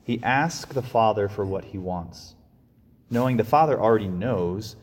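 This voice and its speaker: A man's voice: lowish voice, expressive, normal speed, breathy edge, big-room sound. A man giving a reflective sermon, often restarting and repeating his phrases. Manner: reflective, with frequent restarts and repetitions. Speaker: preacher.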